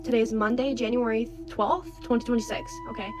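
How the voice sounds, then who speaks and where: A woman's voice: on the high side, lively intonation, brisk, music in the background, poor audio. A young woman, a university student, telling a personal story in an urgent, chatty way and often checking in with "okay?". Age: young adult. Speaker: storyteller in a clip. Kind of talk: casual storytime monologue.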